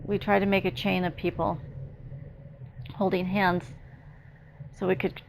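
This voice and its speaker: A woman psychic medium giving an emotional, halting first-person channeling narration, repeating herself as she speaks. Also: mid-range voice, flat delivery, creaky, slight background noise.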